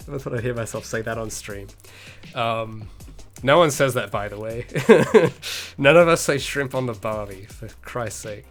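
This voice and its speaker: A man's voice: mid-range voice, measured pace, faint music behind. A man with an Australian accent chatting casually with viewers on an indie game dev livestream, rambling and hedging, chuckling now and then. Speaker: indie game developer streaming.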